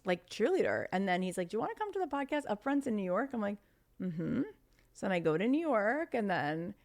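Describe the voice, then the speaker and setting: A woman in her thirties, a podcast guest telling stories in casual conversation, chatty and animated with lots of fillers. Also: mid-range voice.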